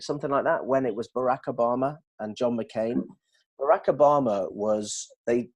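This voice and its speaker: A man explaining communication ideas to colleagues in an animated way, checking that they follow. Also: medium pitch. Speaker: dental communication trainer. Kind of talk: explanatory discussion.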